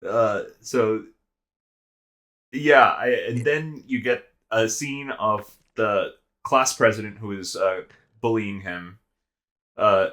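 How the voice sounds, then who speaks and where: Male podcast co-host, bright forceful voice, wry casual delivery. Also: lowish voice, takes it slowly, long pauses. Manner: wry, laughing, acts out quotes.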